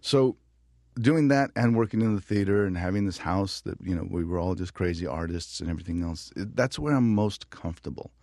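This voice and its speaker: A man, an actor being interviewed, telling stories from his career in a lively, laughing way and acting out other voices. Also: sits low, fairly quick, no room sound, studio quality. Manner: animated, laughing, acts out voices in anecdotes. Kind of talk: casual storytelling.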